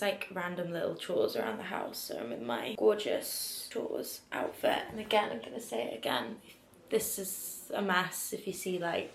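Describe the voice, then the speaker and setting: A young woman, chatting casually to camera at home in a rambling way, saying "like" a lot. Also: medium pitch. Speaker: lifestyle vlogger. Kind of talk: casual vlog chat to camera. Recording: echoey room with background noise.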